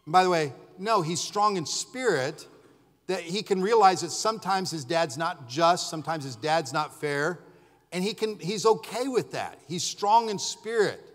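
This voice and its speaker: A middle-aged male pastor preaching in a church, his voice sitting a bit high for a man. He tells stories animatedly and acts out what people said, rising to shouts at the peaks. A long reverb from the sanctuary hangs on his words. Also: expressive, normal speed. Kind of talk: sermon.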